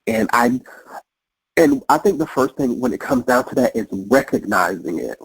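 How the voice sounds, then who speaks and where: A man's voice: mid-range voice, sing-song, normal speed, vocal fry, husky, no echo, poor audio. A man in casual conversation, reflective and repeating his phrases as he works through a thought. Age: adult. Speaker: podcast guest.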